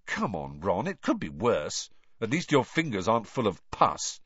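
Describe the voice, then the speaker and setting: A man voicing a clever, earnest teenage schoolgirl who talks briskly and with indignation, in a storybook reading. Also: on the low side, wildly swooping pitch, fairly bright tone, slightly rough, no echo, muffled recording, exaggerated voice. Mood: bright.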